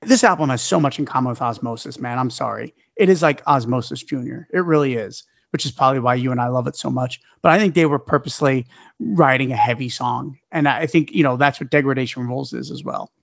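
A man co-hosting a casual music podcast, breaking songs down in a relaxed, analytical way with some swearing. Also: mid-range voice, fast, creaky, no echo. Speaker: podcast co-host. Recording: dull lo-fi dry audio.

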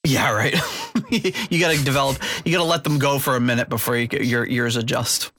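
Bright-voiced male podcast host. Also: mid-range voice, a little fast. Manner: chatty, many fillers, mimics lines. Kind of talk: casual podcast chat.

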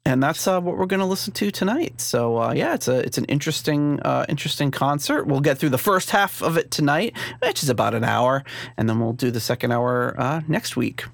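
A man's voice: mid-range voice, lively intonation, brisk, creaky, no echo, clean studio sound. A man hosting a casual podcast live stream, rambling with lots of fillers and laughing easily, recorded at home. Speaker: podcast host. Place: home room with a CD rack.

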